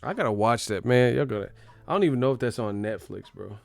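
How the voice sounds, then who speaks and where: A man chatting casually on a livestream, animated and profane, laughing often. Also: medium pitch, fast talker, creaky.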